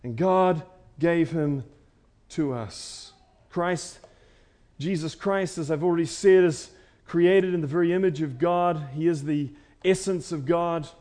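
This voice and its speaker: A man, a preacher, delivering a sermon, rising to forceful declarations and dropping to hushed lines, repeating phrases for emphasis. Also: a little high, a little slow.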